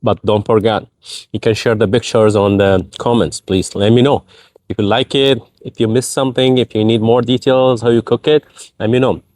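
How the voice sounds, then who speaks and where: A man's voice: lowish voice, fairly even intonation, moderate pace, darkish tone, no echo, clean studio sound. Man chatting through an outdoor cooking vlog. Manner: chatty, non-native phrasing, exclaims at the spicy food. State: teary, runny nose from smoke and spice. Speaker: cooking vlogger. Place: backyard by a wood fire, outdoors.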